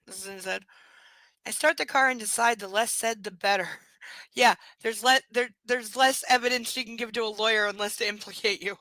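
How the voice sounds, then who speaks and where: A woman with a bright, forward voice reads a novel aloud live from home. She keeps breaking off to add dry, sarcastic commentary. The sound is close and dry with no room echo. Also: a little high, fairly even intonation, moderate pace. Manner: wry, sarcastic asides between read passages. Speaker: reader and host.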